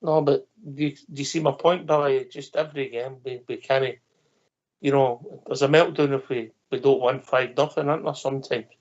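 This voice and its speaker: A man hosting a fan radio phone-in, talking in a chatty, joking manner that tends to ramble. His voice sits at a medium pitch, and the audio is slightly muffled. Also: fairly even intonation, moderate pace, a little mellow. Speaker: phone-in host. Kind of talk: casual radio chat.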